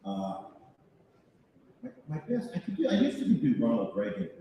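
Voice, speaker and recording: An older man in his sixties holds a convention panel crowd with lively, self-mocking anecdotes. His voice is mellow and swings widely in pitch. It reaches us from a distance in a big hall with long reverb. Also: fast. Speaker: voice actor guest on a panel. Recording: echoey hall picked up from far off.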